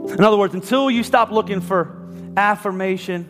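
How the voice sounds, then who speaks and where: A man's voice: sits high, moderate pace, a bit bright. A man preaching a sermon as pastor, passionately acting out the voices of listeners and Bible figures. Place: church hall. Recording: long reverb with faint music behind. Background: faint instrumental music.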